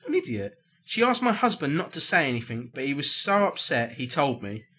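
A man's voice: fairly high pitch, very animated, brisk, bright, forceful tone, a little hiss or hum. A man co-hosting a casual podcast, reading out problem letters with a jokey, laughing delivery.

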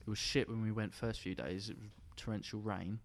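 A man's voice: on the low side, steady tone, fairly quick, vocal fry. A young man chatting casually on a podcast, rambling through stories and laughing often. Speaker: podcast host. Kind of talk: casual chat among friends.

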